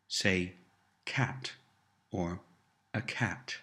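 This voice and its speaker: A man's voice: sits low, lively intonation, a little slow. A man giving a scripted language lesson, prompting words and phrases for repetition and patiently explaining how sounds change. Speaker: language teacher.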